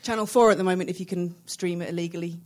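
A woman's voice: fairly low pitch, fairly even intonation, very fast, a little mellow. An English woman, a comedy writer on a live panel show, telling a chatty, rambling anecdote full of fillers. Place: live theater stage.

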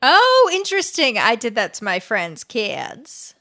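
A woman's voice: a little high, wildly swooping pitch, measured pace, sharp tone. A woman co-hosting a podcast in casual chat. She talks loosely with lots of filler words and laughs often. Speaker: podcast co-host.

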